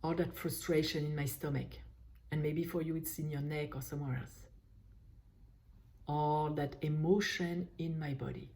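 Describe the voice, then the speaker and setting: A woman leading a guided tapping session, slowly voicing frustration in short repeated phrases while naming tapping points. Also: low voice, fairly even intonation, darkish tone. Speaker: EFT tapping coach.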